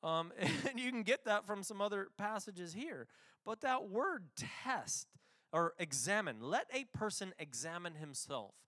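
A pastor preaching a casual, conversational sermon, with restarts and quick asides. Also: male voice, high voice, big pitch swings, pushed and bright.

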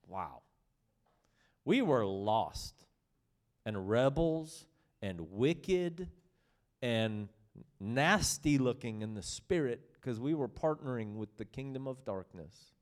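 A man preaching a sermon with passion, swinging between loud excitement and hushed, tender reading. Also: medium pitch, takes it slowly, long pauses.

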